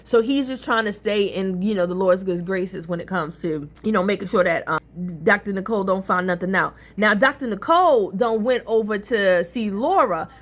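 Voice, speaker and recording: A woman hosting a casual soap opera recap, talking in an animated, colloquial way with gossipy asides. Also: medium pitch, normal speed.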